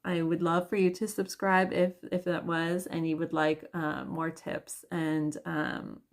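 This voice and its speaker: Low, slow-talking young mom with vocal fry. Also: female voice, expressive. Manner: chatty, candid, laughs often, many fillers. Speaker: yoga vlogger and mother. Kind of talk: casual confessional vlog talk.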